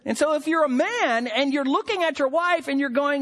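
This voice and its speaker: Man, preacher, humorous sermon, animated intonation. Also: very high voice, moderate pace, hardly any pauses. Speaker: pastor.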